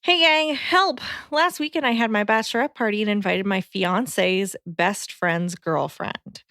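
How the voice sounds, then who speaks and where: A woman's voice: mid-range voice, a little slow, a bit bright, no room sound, studio quality. A woman co-hosting a podcast, reading a listener letter and chatting casually. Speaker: podcast co-host.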